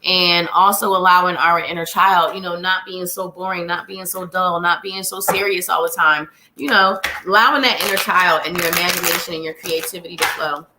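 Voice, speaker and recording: A woman's voice: on the low side, fairly even intonation, fairly quick, hardly any pauses, pushed and bright, a little hiss or hum. A chatty woman hosting a live tarot reading stream, greeting viewers by name and reading cards in a bubbly way. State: slightly winded. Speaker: psychic reader hosting a live show.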